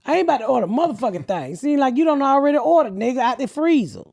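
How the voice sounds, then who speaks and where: A middle-aged woman hosting a comedy podcast, telling stories bluntly with lots of cursing and loud acted-out quotes. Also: high-pitched, lively intonation, fast, creaky. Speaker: podcast host. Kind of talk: casual comedic chat.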